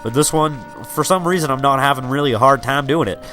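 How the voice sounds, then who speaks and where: A man's voice: mid-range voice, fast talker, sharp tone, faint music behind. A young man rambling and joking through a game in casual gameplay commentary. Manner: rambling, joking, many fillers. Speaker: let's player.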